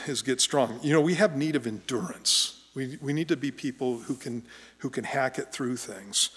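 A man's voice: mid-range voice, fairly bright tone. A middle-aged man preaching a sermon as pastor, conversational and joking, often restarting his sentences. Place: church sanctuary. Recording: long church hall reverb.

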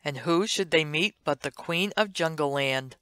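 A woman's voice: deep voice, moderate pace, fairly bright tone, smooth, no room sound, studio quality. Woman reading an old comic aloud. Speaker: storyteller. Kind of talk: read-along storybook narration.

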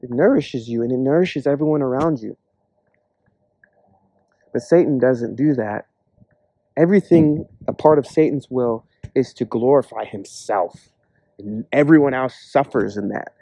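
A man preaching a casual, earnest sermon, acting out imagined voices in quick asides. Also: medium pitch, mellow, dry recording.

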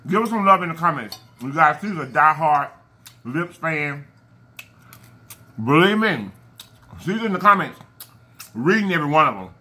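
A man with a high, piercing voice hosts an eating video and chats casually to his viewers. He thanks his fans one by one with warm affection, often tripping over names and correcting himself. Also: lively intonation, moderate pace, long pauses. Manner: affectionate, giving shout-outs to fans. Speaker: mukbang channel host.

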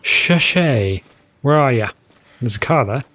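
Male gaming host, mid pitch, lively and rambling, casual commentary. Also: a little slow. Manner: chatty, jokey, rambling asides. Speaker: let's play host.

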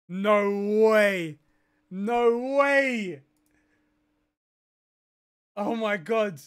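A man's voice: high voice, fairly bright tone. A young man streaming live, swearing and laughing in disbelief as he reacts.

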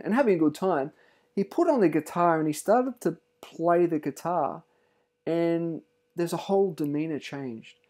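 Aussie dad talking to camera, earnest, keeps restarting, voice sits a bit high. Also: male voice, dark tone. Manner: earnest and heartfelt, with frequent restarts. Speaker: parent giving a testimonial. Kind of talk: casual testimonial to camera.

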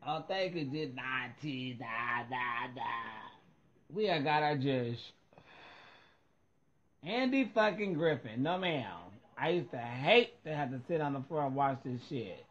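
A man chatting casually on his own video show, reacting with sass and plenty of profanity. His voice sits somewhat high, and he takes his time, drawing out his words and breaking into laughter often. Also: lively intonation, measured pace, dull audio. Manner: sassy and profane, laughs a lot. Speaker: drag performer hosting a video show.

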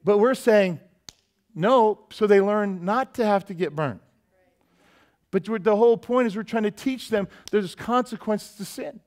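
A middle-aged man preaching in a church sanctuary with a slightly high-pitched voice. He keeps it conversational and full of jokes, often dropping into little quoted voices. The tone is that of a pastor chatting with his congregation. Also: a little mellow. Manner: conversational, joking, quick shifts into quoted voices. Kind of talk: sermon.

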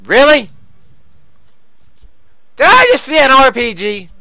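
High, gravelly man yelling at a game. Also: very animated, slow, dry recording, highs cut off. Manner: loud, profane, yelling at the game. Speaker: gamer commentating his own play. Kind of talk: gameplay commentary. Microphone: close desk mic.

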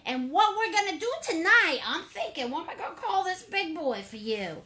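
Leading a live painting lesson, a Maine-accented instructor speaks at a moderate pace in an extremely high, sharp voice with big pitch swings. She is bubbly and playful, greeting viewers with pet names and chatting with endearments.

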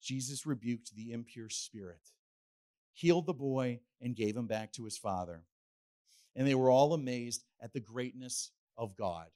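A middle-aged man preaching a sermon as pastor, animated and playful, slipping into acted asides. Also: medium pitch.

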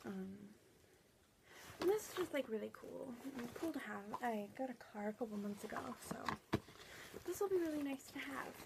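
Young woman, gravelly fry, fairly high voice, rambling casual vlog talk, steady noise behind. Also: moderate pace. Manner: chatty, rambling with many fillers. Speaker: vlogger.

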